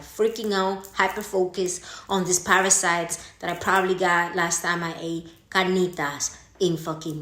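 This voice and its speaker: A woman whose first language is Spanish, casually telling a story, cursing and acting out the people she quotes. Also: on the low side. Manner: animated, swearing, acts out quoted voices. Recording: echoey room.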